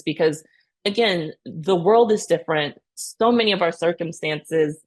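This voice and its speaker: A woman in her thirties, a podcast guest telling her story with earnest, animated energy. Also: deep voice, normal speed. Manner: earnest, animated retelling with many "you know" and "right?". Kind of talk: conversational interview storytelling.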